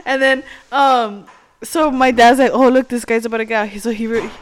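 A woman's voice: on the high side, steady tone, brisk. A woman co-hosting a podcast, telling a story in casual chat and defending herself when teased. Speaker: podcast co-host.

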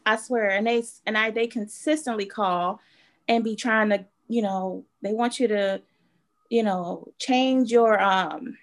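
A woman's voice: medium pitch, unhurried. A woman in casual chat, rambling and exasperated, with lots of fillers.

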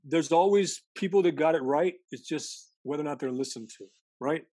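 A man being interviewed as a former intelligence analyst, talking in an animated storytelling way and often restarting his sentences. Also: on the high side, moderate pace, dry recording. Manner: animated storytelling, mimics quoted voices, frequent self-restarts. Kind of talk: conversational interview.

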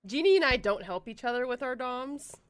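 A woman's voice: high-pitched, expressive, a little fast, a crowd in the background. A woman chatting casually, teasing and crude, who often breaks into giggles. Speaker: podcast co-host. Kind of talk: casual chat.

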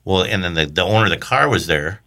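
Fast-talking deep-voiced male host. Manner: excited, rapid, joking. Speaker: radio show co-host. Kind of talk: casual radio chat.

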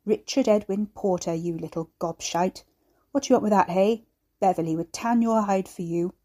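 A frail old man croaks and wheezes from his bed, played by a woman reading aloud. He scolds with sharp scorn, voice lifted and strained, the tone soft and mellow. A storybook figure, bookish and contemptuous. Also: mid-range voice, normal speed, natural voice. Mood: scolding.

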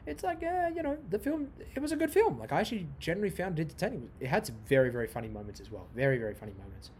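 A young man hosts his podcast in a casual, swearing ramble that keeps repeating itself and drifting off topic. His voice sits a little high for a man. It swings up and down a great deal as he talks. A faint background hiss sits under him. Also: very animated, racing, a little mellow. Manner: profane, repetitive, goes off on tangents. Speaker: podcast host.

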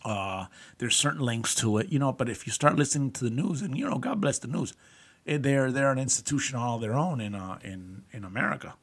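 A man co-hosting a podcast, talking loosely with plenty of restarts and side remarks. His voice is husky and a little rough at the edges, pitched right in the middle. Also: animated, a little fast, fairly bright tone. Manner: rambling, laughs often, many restarts. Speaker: podcast co-host. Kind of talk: casual chat.

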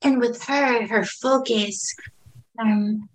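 A woman who coaches children and families, telling client stories in an animated, conversational interview. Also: fairly high pitch, takes it slowly, low-quality recording.

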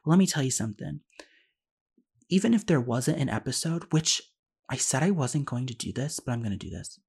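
A man hosting a solo podcast, talking very fast in a rambling, self-deprecating way. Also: medium pitch, expressive, creaky, darkish tone, breathy edge. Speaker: podcast host.

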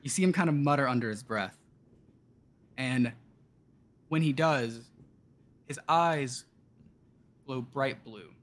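A man with a mid-range voice narrates as the game master of a tabletop game. His speech is loose and halting, packed with fillers.

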